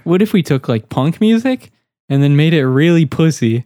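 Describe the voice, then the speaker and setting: A man's voice: a little high, animated, normal speed, warm tone, dry recording, studio quality. A young man co-hosting a crude podcast chat, joking, laughing a lot and filling his talk with "like". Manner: jokey, laughs a lot, full of "like". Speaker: podcast co-host.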